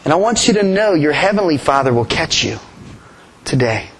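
High-voiced man preaching earnestly. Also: sing-song, moderate pace, husky, poor audio. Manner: earnest preaching, repeats key phrases. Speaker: pastor. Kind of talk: sermon.

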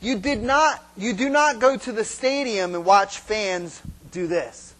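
A man preaching a sermon with lively, joking delivery, often asking "right?" and acting out cheering fans. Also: sits high, unhurried, low-quality recording. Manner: animated, acts out fans shouting and singing; rhetorical "right?" after points. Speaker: pastor.

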